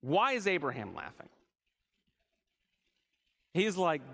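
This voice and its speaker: A man's voice: on the high side, animated, measured pace, long pauses, a bit bright. A man leading a church Bible study in a conversational way, often asking the group questions.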